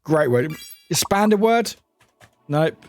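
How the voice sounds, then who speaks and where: A man from the UK chatting casually with viewers on a live stream as he plays a word game, upbeat and quick to greet people. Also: a little high, expressive. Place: home room with a cat nearby.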